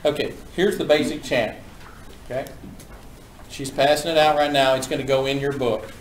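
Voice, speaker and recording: A man lecturing a class on auctioneering in a folksy, brisk, joking manner. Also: medium pitch, steady tone, a little hiss or hum. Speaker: auctioneering instructor. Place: classroom with students. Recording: echoey room from a distance.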